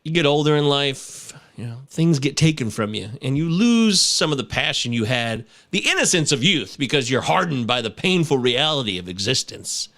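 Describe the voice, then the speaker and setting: A man in his thirties hosting a casual sports podcast, animated and swearing, breaking into shouts and chants. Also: medium pitch, moderate pace, hardly any pauses. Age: 30s. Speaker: podcast host.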